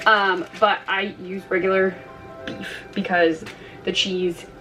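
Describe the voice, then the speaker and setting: Chatty excitable woman vlogging from her kitchen. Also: medium pitch, slow pace, soft background music. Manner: chatty and excitable, squeals when delighted. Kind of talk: casual home vlog. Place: home kitchen.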